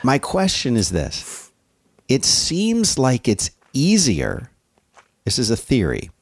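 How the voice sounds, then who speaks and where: A man's voice: medium pitch, wildly swooping pitch, slow, slightly rough, dry recording. A man co-hosting a podcast in casual chat, thinking aloud with hesitant restarts. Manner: thoughtful, hesitant, many restarts. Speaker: podcast co-host.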